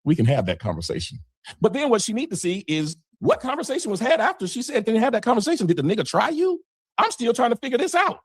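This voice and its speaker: A man's voice: extremely high pitch, huge pitch swings, fast talker, husky, dry recording. A man on an online panel, making his case insistently and cutting in to argue. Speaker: panel guest. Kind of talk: heated argument.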